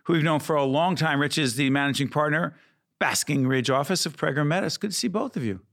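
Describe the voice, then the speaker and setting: Male show host, playful banter, mid pitch, easygoing. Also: quick pace, vocal fry, a bit bright. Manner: bantering, teasing. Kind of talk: studio talk show banter.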